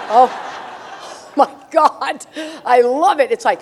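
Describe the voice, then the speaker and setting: This older woman has a high voice and speaks slowly, pausing often, with a slight hiss or hum in the recording. She's at a recovery meeting, telling humorous stories to the audience with brash jokes and plenty of laughter.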